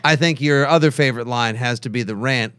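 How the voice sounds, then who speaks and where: A man co-hosting a casual podcast, who talks in an animated, enthusiastic way. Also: mid-range voice, a little fast, clean tone, dry recording, studio quality. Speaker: podcast co-host.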